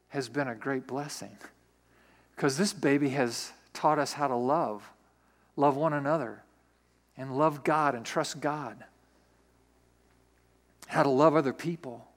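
Male pastor, sermon, high voice, lively, repeats phrases, acts out scenes.

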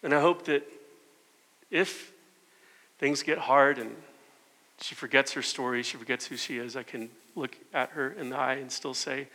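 A man's voice: mid-range voice, moderate pace, pauses often. Earnest male pastor in a reverberant hall. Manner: earnest, rising and falling between loud emphasis and soft hushed lines. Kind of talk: sermon.

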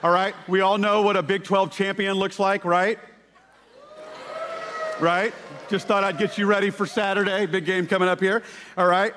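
A man preaching a sermon, telling stories with lively shouted quotes. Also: sits high, moderate pace, pauses often, slight background noise. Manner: animated storytelling with shouted quotes. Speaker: pastor. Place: church sanctuary. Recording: church hall reverb.

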